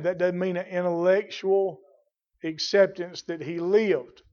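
A man preaching a revival sermon in a high, ringing voice. He builds to loud, emphatic swells and then drops to quiet, close asides. The recording sounds dull and muffled.

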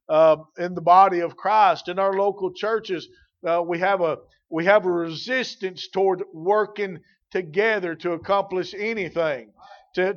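A man's voice: sits high, dull audio. A man preaching a sermon as pastor, emphatic and repeating key phrases for weight.

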